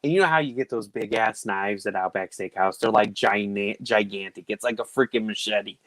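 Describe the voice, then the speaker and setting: A man's voice: fairly low pitch, brisk, no echo, low-quality recording. A man in his thirties, a podcast host, telling family stories in casual chat and acting out his kids' voices. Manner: animated, acts out family members in quoted voices.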